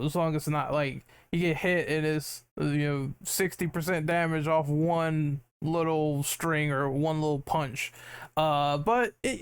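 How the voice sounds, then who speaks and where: A man's voice: fairly high pitch, clean tone, no room sound. A man hosting a casual gaming podcast, talking in an upbeat, rambling way with lots of fillers. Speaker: podcast host.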